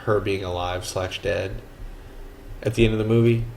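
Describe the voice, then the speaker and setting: A man's voice: low-pitched, fairly even intonation, normal speed, gravelly, a little mellow, a little hiss or hum, rough recording. A man co-hosting a casual movie review chat, rambling and acting out film lines in silly voices. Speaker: podcast co-host.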